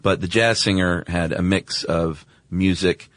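Male podcast co-host, deep voice, relaxed chatty delivery, dry studio sound. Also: a little slow, no echo. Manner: relaxed, conversational, many fillers. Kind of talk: casual chat.

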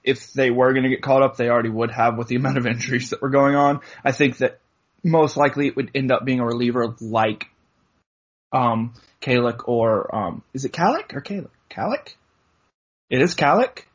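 A man co-hosts a casual sports podcast in an easygoing tone and leans on "I mean". His voice is husky and mid-pitched. The audio is muffled and lo-fi. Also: fairly quick. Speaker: podcast co-host.

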